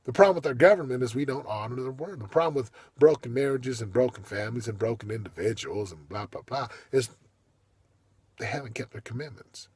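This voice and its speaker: A man giving a motivational monologue as a coach, emphatic and preachy, with big swings in loudness. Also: medium pitch, a little fast, slightly rough, dry recording.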